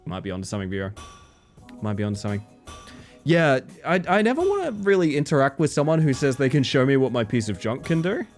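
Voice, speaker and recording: A man's voice: medium pitch, very animated, fast, faint music behind. A young adult man casually commentating on a game stream, telling stories in a joking way. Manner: joking storyteller.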